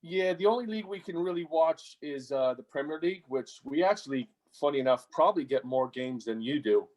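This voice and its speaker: A man's voice: fairly high pitch, expressive, fairly quick, a little mellow. An American man appearing as a guest on a podcast over a remote connection, easygoing and joking. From United States. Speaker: guest, former goalkeeper. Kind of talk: casual podcast interview.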